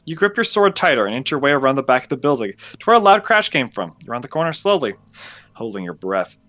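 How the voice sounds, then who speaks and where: A man reading a story game aloud as narrator, with expressive, dramatic delivery. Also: mid-range voice, quick pace.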